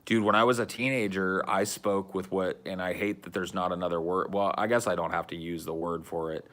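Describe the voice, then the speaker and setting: A man in his thirties with a Californian accent chats casually on a podcast, his low voice fairly even in intonation, fairly quick, and a bit bright. He's the host, talking in a laid-back stoner drawl and swearing freely.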